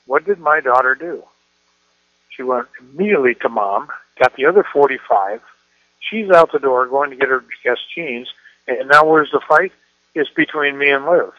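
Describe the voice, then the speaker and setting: A man's voice: fairly high pitch, normal speed, sharp tone, dry recording, highs cut off. A middle-aged man from Iowa, a school principal giving a folksy talk to educators and acting out the people he quotes. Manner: folksy storyteller, acts out quoted voices. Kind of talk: presentation to educators.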